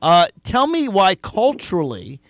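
A man hosting a political call-in radio show, brisk and insistent, cutting in to make his point. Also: sits high, huge pitch swings, crowd noise. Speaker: radio talk show host.

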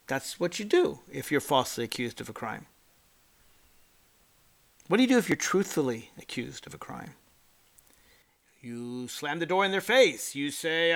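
A man's voice: on the high side, lively intonation, moderate pace, creaky, pauses often, pushed and bright. A man hosting a political commentary show, making his points emphatically and mimicking people mockingly. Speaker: political talk show host.

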